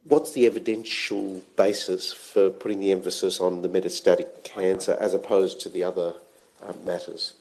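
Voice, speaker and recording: A man's voice: low-pitched, little pitch movement, moderate pace, a little mellow, poor audio. An Australian man questioning expert witnesses at an inquest, brief and procedural. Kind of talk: formal courtroom questioning.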